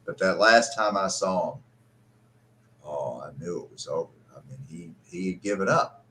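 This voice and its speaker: A man's voice: sits low, lively intonation, normal speed, bright, forceful tone, slight background noise. A middle-aged man hosting a live stream, telling a personal story in a profane, emotional and bitter way. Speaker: host.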